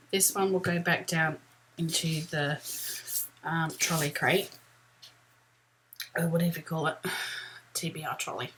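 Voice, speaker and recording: A woman's voice: on the low side, a bit bright, a little hiss or hum, rough recording. A middle-aged woman vlogging from a room at home, talking in a rambling, chatty way with lots of ums. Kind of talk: casual chat.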